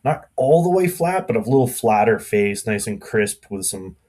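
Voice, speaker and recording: A man's voice: on the low side, sing-song, moderate pace, a little mellow. A man with a Canadian accent, a blacksmith guest chatting casually and rambling with lots of fillers on a podcast. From Alberta, Canada.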